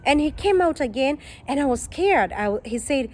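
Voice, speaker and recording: A woman, a vlogger telling a personal story to her viewers, animated and exclaiming, quoting people in dialogue. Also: sits high, moderate pace, few pauses. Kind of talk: storytime vlog.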